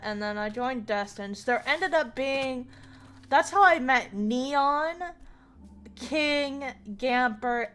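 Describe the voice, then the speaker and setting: A woman's voice: on the high side, fairly bright tone. A young woman streamer telling a rambling story to friends while she games, often stopping to search for names. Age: young adult. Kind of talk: casual storytelling while gaming.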